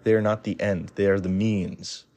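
A man talks through his opinions in a loose, blunt monologue, stumbling over restarts and filling gaps with "you know." His voice sits fairly low with a warm, mellow tone. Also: level tone, unhurried.

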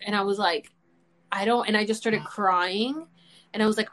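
A young woman hosting a casual chat, excitable and outspoken, who swears freely and fills her talk with "like". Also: medium pitch, fairly quick. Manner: excitable, swears freely, many filler words. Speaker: host.

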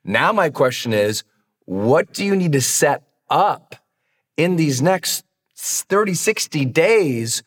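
A man talking as a high performance coach in a motivational podcast, earnest and direct, challenging listeners with warm asides. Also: big pitch swings, slow pace, slightly rough, big-room sound.

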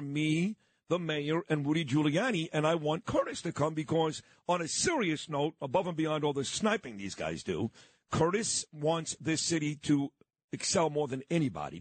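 Brash New radio host, husky. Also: male voice, fairly high pitch, no room sound. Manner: brash, teasing, swears freely, interrupts. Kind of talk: talk radio banter.

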